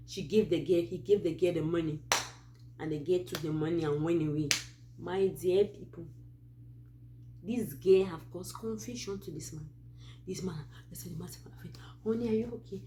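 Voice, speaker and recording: A Cameroonian woman with a Cameroonian English accent runs a Christian advice channel and tells a true story casually and animatedly, full of asides. Her voice is lowish and her pace normal, with long pauses. There is background noise.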